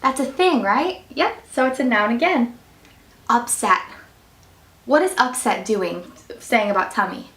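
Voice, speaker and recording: Woman teacher, high encouraging voice, quizzing kids, recorded from afar in an echoey room. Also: expressive, unhurried, long pauses, recorded from a distance. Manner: bright, encouraging teacher voice with a singsong lilt. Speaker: student teacher reading a picture book. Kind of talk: reading aloud and quizzing children on grammar.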